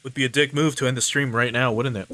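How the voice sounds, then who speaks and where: A man's voice: medium pitch, quick pace, no room sound. Man reading game text aloud on stream. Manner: steady read with small stumbles. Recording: faint game music underneath.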